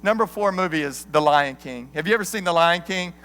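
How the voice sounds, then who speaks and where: A man in his thirties preaching a sermon as an animated, joking storyteller. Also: fairly high pitch, brisk, clear, resonant tone. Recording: long hall reverb.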